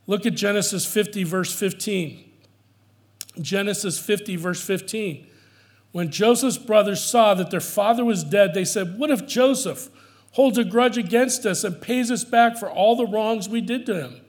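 A man's voice: high-pitched, normal speed. A male pastor preaching a sermon, earnest and emphatic, repeating his key phrases for weight.

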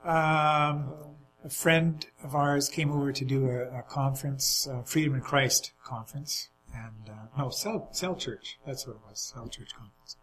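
A man's voice: mid-range voice, unhurried, a bit bright, slight background noise, rough recording. A man chatting casually, telling rambling anecdotes with easy laughter. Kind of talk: casual chat, storytelling.

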